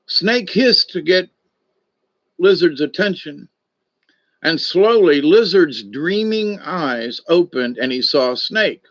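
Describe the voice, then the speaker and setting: A man reading oracle cards and telling the story that goes with them, wandering off into asides and filling gaps with ums. He talks slowly and easily, in a somewhat high voice. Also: lively intonation, a bit bright. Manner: rambling, unhurried, with many fillers. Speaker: card reader. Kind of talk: casual storytelling and card reading.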